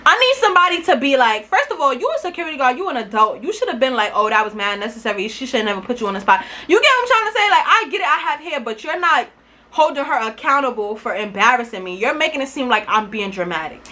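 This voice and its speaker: High, bright-voiced young woman. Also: quick pace. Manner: animated, profane, emphatic. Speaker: vlogger. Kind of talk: casual storytime.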